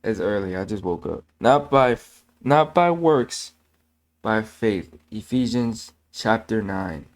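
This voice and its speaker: A man with a fairly low, expressive voice takes his time speaking. He's a channel host giving an earnest, casual faith talk, preachy and repetitive, correcting his slips along the way and using fillers like "man."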